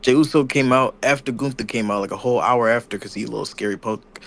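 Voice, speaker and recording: A man's voice: mid-range voice, fast talker, a bit bright. A man co-hosting a podcast, recapping wrestling in loose casual chat with slang and sound effects. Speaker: podcast co-host.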